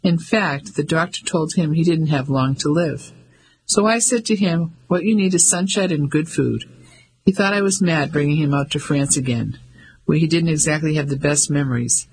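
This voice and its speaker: A man's voice: on the high side, moderate pace, slight background noise, natural voice, poor audio. A man voicing a brash, scheming middle-aged landlady with a Cockney accent, chatty and gossipy, in an audiobook.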